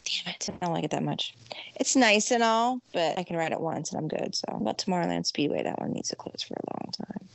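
A woman's voice: on the low side, animated, fairly quick, creaky, no echo. A woman co-hosting a casual chat, enthusiastic and full of agreeing murmurs. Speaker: podcast co-host.

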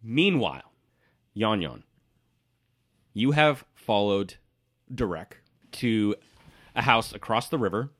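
A man's voice: fairly low pitch, expressive, takes it slowly, long pauses, fairly bright tone. Man narrating as game master.

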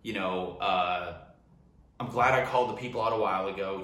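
A man's voice: low-pitched, moderate pace, sharp tone, far from the mic. A young man venting in a casual monologue, profane, heated and rambling, while drinking wine. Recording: echoey room, voice off-mic.

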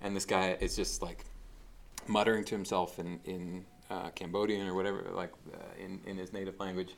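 A man with a very low, gravelly voice delivers a relaxed sermon. He talks conversationally, full of fillers and restarts. It sounds like a pastor teaching, not performing. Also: moderate pace. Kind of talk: casual sermon.

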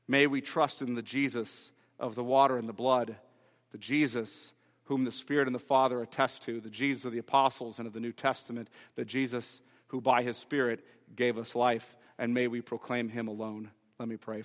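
A man's voice: mid-range voice, steady tone, moderate pace, fairly bright tone, in a large hall. A man preaching a sermon as pastor, earnest and building to raised, emphatic delivery. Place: church sanctuary.

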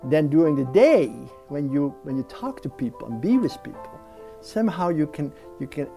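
A man's voice: fairly high pitch, moderate pace, faint music behind. A man talking earnestly and reflectively about prayer in an interview, often restarting sentences and briefly acting out restless thoughts. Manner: earnest, with frequent restarts and lively mimicking of racing thoughts. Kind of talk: reflective spiritual talk.

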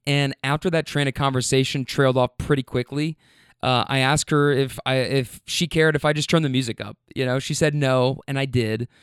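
A man who drives rideshare shares stories from his trips in a laid-back, profane, direct-to-listener style. He talks at normal speed with a medium pitch, fairly even intonation and a clean tone, in clean studio sound without room sound.

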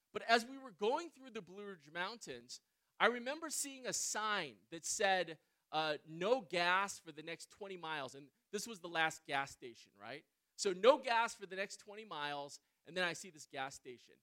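A man preaching a sermon. He tells a personal story in an animated way, often checking in with listeners by asking "right?". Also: high-pitched, moderate pace. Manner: animated storyteller, swings between loud and quiet.

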